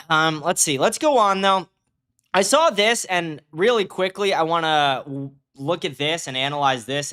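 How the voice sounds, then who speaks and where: Male show host, profane and mocking ranter, mid-pitched, commentary stream. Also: fairly bright tone. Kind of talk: reactive commentary livestream.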